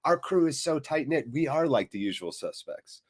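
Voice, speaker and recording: A man's voice: a little high, big pitch swings, moderate pace, slightly rough. A man hosting a live football watchalong stream, chatting casually with viewers in a rambling, jokey way.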